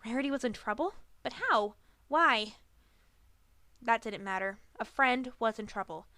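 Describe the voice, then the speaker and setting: A woman reads a fan story aloud, expressive and now and then tripping over a word. Her voice is fairly high and lively in pitch, close to the mic in a dry room. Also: a little slow, no room sound. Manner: expressive narration with small slips. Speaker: narrator. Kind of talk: fan audiobook reading.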